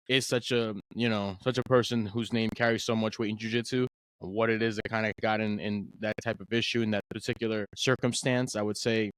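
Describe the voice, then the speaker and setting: A man hosting a podcast in casual conversation, telling stories with lively acted-out quotes. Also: fairly low pitch, smooth, dry recording, low-quality recording. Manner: animated storyteller, acts out quoted voices. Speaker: podcast host.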